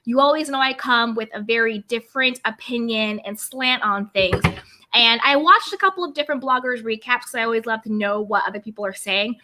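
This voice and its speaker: A young adult woman hosting a live stream recap, greeting viewers one by one with bubbly, drawn-out hellos and pop-culture slang. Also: a little high, sharp tone. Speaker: YouTube recap host.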